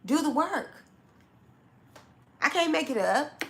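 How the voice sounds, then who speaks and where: A woman's voice: high voice, lively intonation, takes it slowly, a little hiss or hum. A woman doing a zodiac tarot reading to camera, talking straight at the listener in a blunt, scolding way, with casual slang and repeated points. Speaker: tarot reader.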